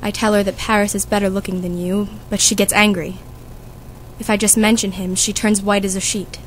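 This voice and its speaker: A woman's voice: medium pitch, level tone, a little hiss or hum, close to an everyday voice. A woman playing a fussy, chatty old nurse who complains and teases, reading for a school audiobook. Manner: complaining, teasing, drawn-out.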